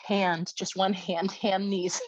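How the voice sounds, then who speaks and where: A woman teaching a yoga class, giving chatty, encouraging cues and checking in with a quick "yeah?" as she goes. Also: medium pitch, little pitch movement, dry recording. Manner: chatty, encouraging, frequent "yeah?" check-ins, light laughs. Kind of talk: guided yoga class instruction. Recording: dull, dry lo-fi sound.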